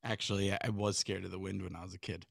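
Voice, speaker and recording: A man co-hosting a casual sports podcast, venting his frustration in a profane rant that builds to near shouting. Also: low-pitched, level tone, racing, vocal fry, no echo, clean studio sound. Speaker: podcast co-host.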